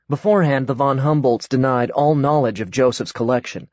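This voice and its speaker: A man narrating an audiobook in a measured, even way. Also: mid-range voice, no room sound. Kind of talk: scripted narration. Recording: dry, slightly dull audiobook recording.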